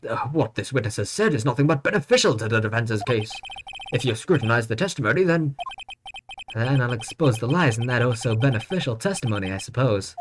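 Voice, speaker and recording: A man voicing a flustered young male defense lawyer from game dialogue, stammering and jumping up in pitch. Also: lively intonation, brisk, background noise, natural voice. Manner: stammering, jumpy, squeaks up in panic. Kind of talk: reading game dialogue aloud. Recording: game music behind voice.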